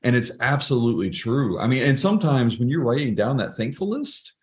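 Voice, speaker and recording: A man's voice: mid-range voice, animated, brisk. A middle-aged man speaking as a podcast guest, telling personal stories in an earnest, reflective way with frequent restarts. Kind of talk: casual interview conversation.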